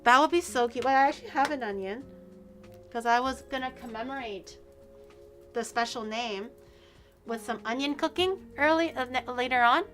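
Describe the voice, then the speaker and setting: A playful woman streamer chats with her viewers in a high, bright voice. She is excitable and quick to squeal or laugh, and faint music plays behind her. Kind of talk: casual live-stream chat.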